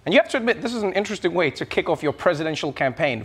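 A man's voice: big pitch swings, very fast, fairly bright tone, slight background noise. A man hosting a late-night comedy show, delivering a sarcastic monologue with punchy jokes. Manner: sarcastic, punchy jokes with big pitch swings.

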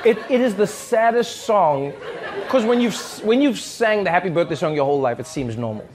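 A man's voice: high voice, brisk, a crowd in the background, noisy background. A young man from Africa, telling comedic stories in a monologue, acting out voices and laughing often. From South Africa. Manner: animated, acts out voices and sings bits, laughs often.

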